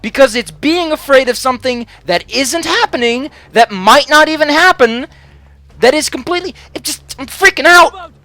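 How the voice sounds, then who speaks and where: A man's voice: very high-pitched, normal speed, bright, forceful tone. A man giving casual let's play commentary in an anxious, rambling way, swearing heavily. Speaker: gaming commentator.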